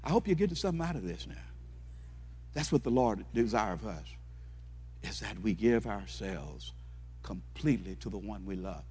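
A man's voice: lowish voice, lively intonation, normal speed, pauses often, mellow, husky. A man preaching a fervent sermon, repeating himself and asking the congregation questions, then moving into prayer. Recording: long hall reverb.

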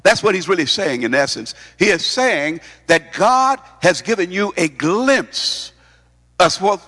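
Male preacher, high voice, emphatic sermon delivery, long hall reverb. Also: fairly bright tone. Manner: emphatic, repeats words, asks the congregation questions.

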